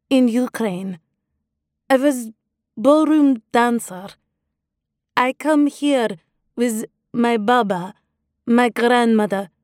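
Audiobook role: a young woman faking a Russian accent, pitched high and drawn out, broken English, voiced by a woman reader. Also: a little mellow, no echo, studio quality. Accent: put-on Russian. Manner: broken English, slow and deliberate.

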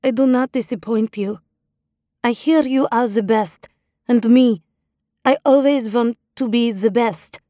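Audiobook role: a young woman faking a Russian accent, pitched high and drawn out, broken English, voiced by a woman reader. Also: warm tone, dry recording, clean studio sound, close to an everyday voice. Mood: earnest. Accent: put-on Russian. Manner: broken English, slow and deliberate.

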